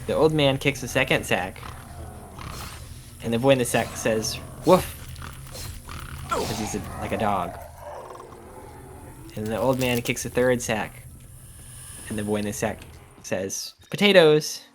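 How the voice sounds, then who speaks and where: Man, low voice, easygoing storytelling, faint hiss behind. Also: measured pace, long pauses. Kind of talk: casual chat retelling a joke.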